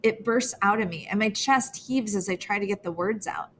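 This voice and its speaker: A woman's voice: medium pitch, moderate pace, few pauses, a bit bright, slight background noise. Woman narrating a teen girl's story. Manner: earnest, emotional first-person reading. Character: teenage girl telling her own story. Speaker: audiobook narrator. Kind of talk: first-person novel narration.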